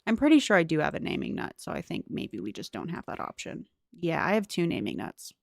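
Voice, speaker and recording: Low-ish gravelly gal chatting thru a cozy game stream, dry close sound. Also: female voice, wildly swooping pitch, brisk, dry recording. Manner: chatty, curious, thinking aloud and answering chat. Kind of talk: casual gameplay commentary.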